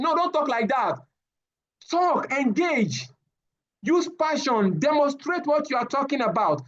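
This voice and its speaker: Man, very high voice, trainer lecturing a class, muffled lo-fi sound. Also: measured pace. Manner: animated, repeats words, addresses class directly. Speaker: safety trainer.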